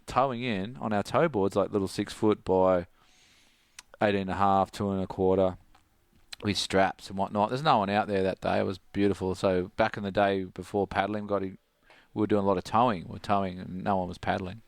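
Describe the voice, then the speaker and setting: His low voice moves fairly quickly, carries vocal fry, and is captured in clean studio sound with no echo. A middle-aged Australian surf coach appearing on a podcast, he tells casual stories animatedly, imitates his friends' voices, and laughs a lot.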